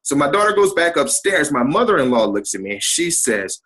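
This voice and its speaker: A middle-aged man, a guest on an interview podcast, telling a personal story in an animated way and acting out the people in it. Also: a little high, fast talker, hardly any pauses, husky, poor audio.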